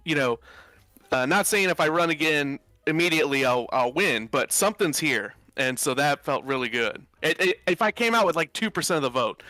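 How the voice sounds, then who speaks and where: Bright, earnest male candidate. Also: a little high, no room sound. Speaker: political candidate guest. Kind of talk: interview.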